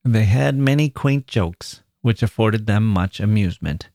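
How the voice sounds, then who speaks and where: A man, a podcast host, reading a classic short story aloud in a measured storytelling manner. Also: fairly low pitch, animated, creaky, warm tone, no room sound, clean studio sound. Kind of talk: literary reading.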